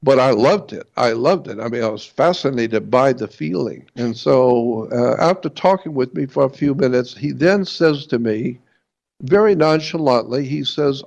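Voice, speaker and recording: Gravelly man telling a story. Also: medium pitch, a little mellow. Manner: halting, repeats words, slows for emphasis. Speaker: guest. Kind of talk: personal storytelling. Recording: dull lo-fi recording.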